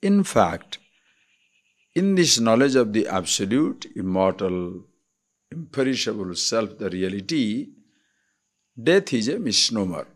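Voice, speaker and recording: With a lowish, very animated voice, a swami with an Indian accent explains scripture deliberately in a spiritual discourse, regularly checking in with rhetorical questions.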